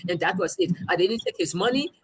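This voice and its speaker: A woman journalist appearing as a guest speaks with a Liberian English accent in a low-leaning, husky voice and talks fast. She tells a story conversationally and animatedly, acting out the quoted voices.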